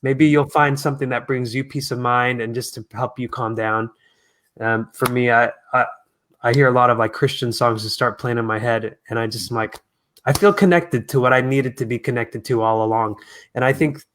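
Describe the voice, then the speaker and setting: A man speaking as a guest in a casual interview, talking in an earnest, reflective, soft-spoken way. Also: mid-range voice, steady tone, moderate pace, slight background noise. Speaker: guest singer.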